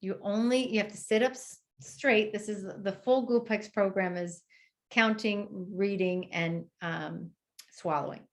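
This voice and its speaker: A woman clinician giving an instructional demonstration to therapists, explaining step by step and modeling the exercise aloud with pauses. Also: medium pitch, fairly even intonation.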